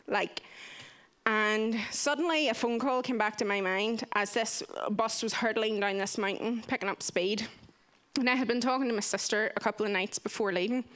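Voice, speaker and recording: A woman's voice: fairly high pitch, normal speed. A young woman tells a personal story vividly, acting out what people said. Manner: vivid, animated retelling with acted-out quotes. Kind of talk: personal story told to listeners.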